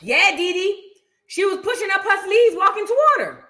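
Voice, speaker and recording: A woman hosting a reaction show, giving blunt, profane, animated commentary in a casual way. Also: extremely high pitch, moderate pace.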